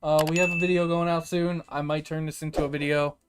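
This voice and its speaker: Young male streamer, lively reactions, light music bed. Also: fairly high pitch, quick pace. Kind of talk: casual livestream chat.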